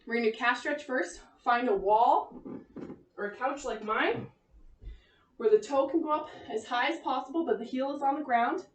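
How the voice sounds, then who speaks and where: Breathless high-voiced woman leading a workout. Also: moderate pace, slight background noise. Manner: encouraging, chatty, laughs often. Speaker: fitness instructor. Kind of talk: leading a home cardio workout. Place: room at home. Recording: echoey room, voice from a distance.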